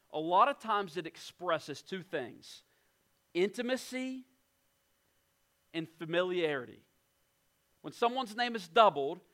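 A high-voiced man preaching a sermon as a pastor. He is emphatic and earnest, slowing right down and sinking to a near hush to let weighty lines land. His delivery is deliberate and built around repeated phrases. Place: church in West Virginia.

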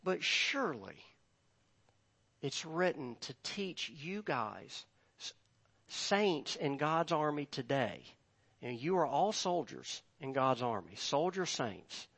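Slow, emphatic male preacher. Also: fairly high pitch, very animated, gravelly, husky. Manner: slow, emphatic preaching that swells loud on scripture. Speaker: pastor. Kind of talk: sermon.

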